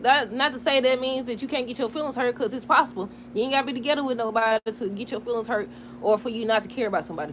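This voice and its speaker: A woman in casual chat recapping a soap opera episode, animated, laughing and talking back to the characters. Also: high voice, quick pace, slight background noise. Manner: chatty, talks back to the characters.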